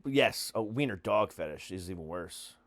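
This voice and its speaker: A man's voice: deep voice, animated, normal speed, no echo. A man hosting a podcast in casual chat, joking and rambling with many fillers. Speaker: podcast host.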